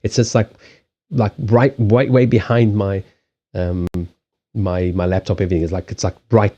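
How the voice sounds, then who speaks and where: A man's voice: lowish voice, little pitch movement, normal speed, warm tone, dull audio. A man chatting casually on a live stream from a desk in a small home, rambling through restarts and swearing freely. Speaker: live streamer and card reader. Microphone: desk microphone on a stand.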